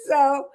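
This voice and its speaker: A high-pitched woman from the United States chats through a casual live stream. She wanders from topic to topic and greets viewers by name. Laughter comes easily to her. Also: mellow. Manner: laughs often. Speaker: livestream host.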